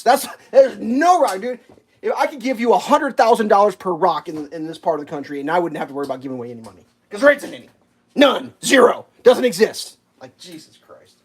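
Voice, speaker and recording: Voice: mid-range voice, expressive, fairly quick, slight background noise. A person around forty ranting sarcastically and swearing in casual rambling chat while cooking on a livestream. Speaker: livestream host.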